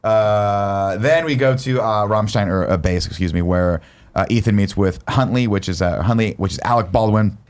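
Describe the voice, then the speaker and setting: A man's voice: lowish voice, normal speed, smooth. A man hosting a podcast, casually recapping a movie plot in a rambling way, with lots of fillers and some swearing. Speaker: podcast host.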